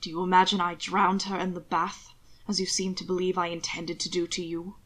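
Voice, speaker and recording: A woman voicing a low, intense aristocratic husband. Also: little pitch movement, brisk, a bit bright. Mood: bitter. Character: anguished, commanding aristocratic husband, adult man. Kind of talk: audiobook reading of fan fiction.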